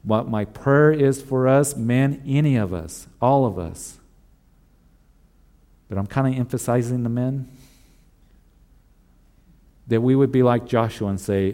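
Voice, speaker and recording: A man's voice: mid-range voice, measured pace, long pauses, warm tone. A male pastor preaching a sermon in an earnest way, repeating emphatic refrains.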